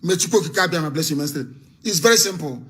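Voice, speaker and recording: A man hosting a live call-in, his voice pitched high and bright. He speaks in a fiery, rousing way, scornful at times and rising into shouts. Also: animated, racing. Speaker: host of a live call-in broadcast.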